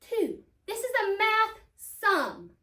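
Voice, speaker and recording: Bright, high-voiced teacher. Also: female voice, huge pitch swings. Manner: slow, deliberate sounding-out of words. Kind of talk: spelling lesson for children.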